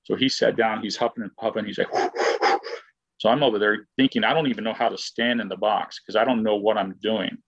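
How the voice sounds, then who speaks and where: A man with a lowish, gravelly voice tells a personal story in a loose, rambling way, full of fillers, restarts and acted-out quotes. The recording sounds dull and lo-fi, with a dry, close sound. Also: steady tone, fast talker, hardly any pauses, dry recording. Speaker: guest, former baseball player. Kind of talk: casual anecdotal storytelling.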